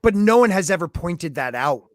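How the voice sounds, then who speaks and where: A man hosting a podcast, chatting casually and getting excited as he agrees with his guest. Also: high voice, normal speed, a little hiss or hum. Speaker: podcast host.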